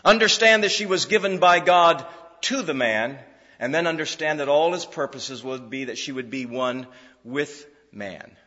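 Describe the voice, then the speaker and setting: A man's voice: mid-range voice, sharp tone. A man preaching an expository sermon, earnest and repetitive, often restarting his sentences. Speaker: pastor. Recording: dull hall reverb.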